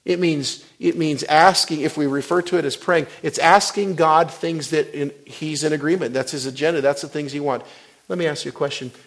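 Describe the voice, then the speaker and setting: A pastor preaches a sermon at normal speed in a slightly high voice with fairly even intonation. He shifts from quiet storytelling to loud, fervent preaching, frequently breaking off and restarting phrases.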